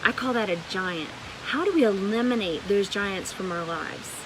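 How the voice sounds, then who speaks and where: A middle-aged woman reading a children's Bible story aloud in a live stream, expressive, asking her viewers questions. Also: medium pitch, moderate pace, noisy background. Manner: animated and expressive, with gasps and questions to the audience.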